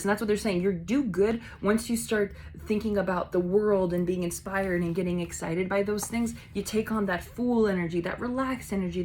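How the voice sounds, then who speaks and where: A woman doing a casual tarot reading, chatty and blunt, swearing casually and acting out quick voices in her asides. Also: medium pitch, a little mellow, slight background noise, rough recording. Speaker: tarot reader.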